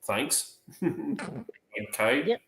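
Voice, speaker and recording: A man's voice: on the high side, extremely slow, gravelly, reverberant, rough recording. Swearing man telling work stories. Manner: swears freely, animated retelling. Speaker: livestream co-host. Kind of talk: casual storytelling chat.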